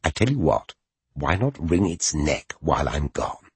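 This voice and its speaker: A man voicing a cunning, scheming male sorcerer who talks in a sly, hushed way, read as an audiobook. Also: a bass voice, big pitch swings, unhurried, breathy edge, no room sound, pitched below the performer's own voice, full character voice.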